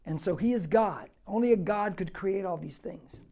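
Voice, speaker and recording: A man's voice: sits high, normal speed, warm tone. A male pastor teaching a Bible passage verse by verse, preaching emphatically with repetition and rhetorical questions.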